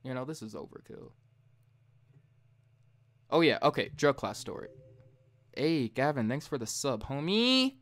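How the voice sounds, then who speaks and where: Young man, podcast host, casual storytelling, heated, profane, middle pitch, mimicking voices. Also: measured pace, pauses often. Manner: profane, heated, animated retelling; jumps high and loud when mimicking himself.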